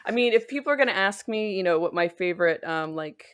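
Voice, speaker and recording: A woman's voice: on the low side, animated, fast talker, clean tone, highs cut off. A woman guest on a podcast, chatting casually and thoughtfully with many fillers. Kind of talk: casual chat.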